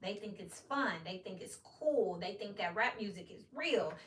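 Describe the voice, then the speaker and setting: A woman's voice: medium pitch, lively intonation, normal speed, a bit bright. Woman, blunt and profane tarot talk, roomy echo, distant mic. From Memphis, USA. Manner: blunt and profane, with frequent "you know what I mean". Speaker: tarot reader. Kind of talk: casual tarot reading rant.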